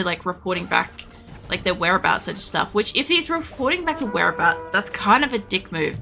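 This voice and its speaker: A woman streaming a video game, chatting in a rambling way, swearing freely and yelling at the game. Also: mid-range voice, gravelly. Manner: yells excitedly at the game. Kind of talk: casual live-stream chatter while gaming. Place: home room with air conditioning.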